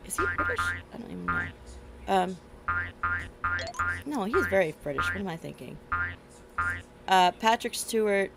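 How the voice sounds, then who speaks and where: Woman streamer, rambling casual chat, gravelly fry, lively pitch, loud game music behind. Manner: chatty, rambling, laughs often. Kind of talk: casual chat while playing.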